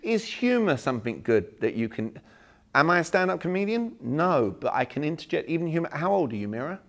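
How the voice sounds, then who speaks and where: Male speaker, 40s, gravelly edge, animated seminar delivery acting out example lines. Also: on the high side, fairly quick. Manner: animated, acts out sample messages, jokes with the room. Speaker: workshop speaker. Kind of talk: live seminar talk to an audience.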